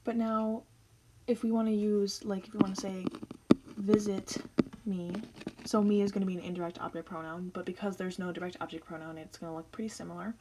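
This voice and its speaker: A woman's voice: medium pitch, little pitch movement, fairly quick, background noise. A young woman teaching Spanish grammar in a casual, chatty explainer style, walking through each step.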